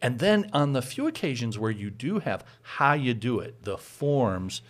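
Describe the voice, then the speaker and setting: A man's voice: mid-range voice, lively intonation, a little slow. A man who is a pastor, explaining church practice in a casual teaching chat, patient, with frequent chuckles.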